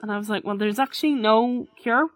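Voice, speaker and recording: A woman's voice: on the high side, brisk, no echo. A woman co-hosting a podcast in casual chat, telling a story animatedly and acting out the dialogue of the people in it. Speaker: podcast co-host.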